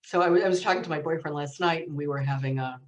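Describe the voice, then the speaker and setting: A middle-aged woman author telling funny family stories as a guest, with a lively anecdotal manner and easy laughter. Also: sits low, quick pace. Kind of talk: storytelling in conversation. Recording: roomy echo, distant mic.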